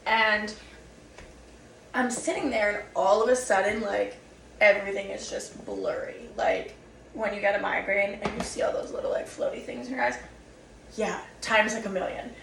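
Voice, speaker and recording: A woman's voice: mid-range voice, animated, moderate pace, creaky, fairly bright tone, a little hiss or hum. A young woman vlogger telling a rambling, casual story about herself, full of fillers and laughing at her own mishaps. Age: young adult. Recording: echoey room, mic at a distance.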